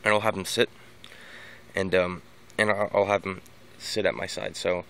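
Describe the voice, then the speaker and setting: Low gravelly man rambling about dog training. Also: little pitch movement, moderate pace, a bit bright, a little hiss or hum. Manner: rambling, many restarts and repeated words. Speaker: dog owner giving training tips. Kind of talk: casual unscripted vlog monologue.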